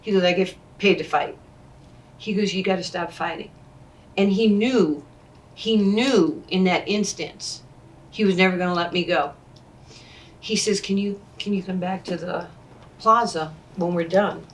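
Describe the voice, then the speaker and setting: A woman, telling animated stories and acting out what people said. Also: on the low side, measured pace, long pauses, far from the mic. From Queens, New York. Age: 60s. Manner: animated storyteller who acts out quoted dialogue. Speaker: interview guest, former basketball player. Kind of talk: storytelling in conversation.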